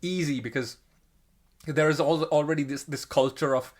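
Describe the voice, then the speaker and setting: A man's voice: a little high, fairly even intonation, moderate pace. A man co-hosting a podcast, talking casually in a rambling, self-correcting way with frequent chuckles. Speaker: podcast co-host. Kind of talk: casual chat.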